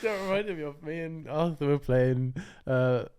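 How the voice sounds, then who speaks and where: A man's voice: a little high, moderate pace, a little mellow, clear, resonant tone. A man co-hosting a podcast, asking teasing, quizzical questions in casual chat. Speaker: podcast host.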